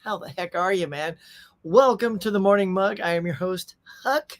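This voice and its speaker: A man's voice: sits high, normal speed, no room sound. Man, casual live-stream host, goofy and upbeat, chatty, close dry sound, desktop mic. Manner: goofy, upbeat, reads viewer chat aloud. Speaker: host of a pop culture livestream. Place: home setup in Southern California. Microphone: desktop USB microphone.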